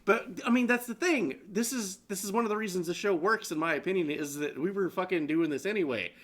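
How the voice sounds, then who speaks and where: A man's voice: high-pitched, fast talker, fairly bright tone. A man co-hosting a live stream show, chatting casually with profane, laughing banter. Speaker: co-host.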